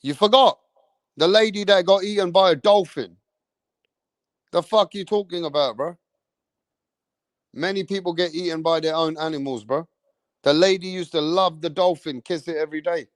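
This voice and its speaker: A man, hosting a live stream, telling rambling stories in an animated way, swearing often and tagging lines with "bruv". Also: on the high side, normal speed, pauses often, no room sound, studio quality. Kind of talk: rambling storytelling.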